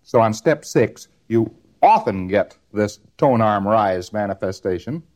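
A man's voice: lowish voice, lively intonation, measured pace, a little mellow. A man giving a recorded lecture, rambling and repeating words in rhythmic runs, often ending on a tag question.

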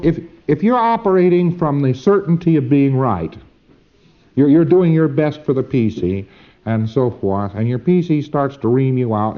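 A man giving an informal instructional lecture, folksy and emphatic, with frequent asides and fillers. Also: mid-range voice. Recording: dull lo-fi recording.

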